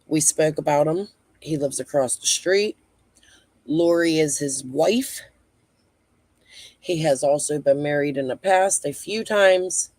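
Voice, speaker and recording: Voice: mid-range voice, slow pace, long pauses, darkish tone, no echo. A true-crime host giving blunt commentary who explains background and scolds people directly.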